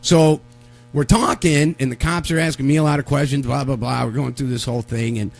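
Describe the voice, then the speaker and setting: A man's voice: medium pitch, brisk, creaky. A man telling a long story on a live talk show, acting out the voices of the people in it. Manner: animated, acts out the voices of people in his story. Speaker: radio show co-host.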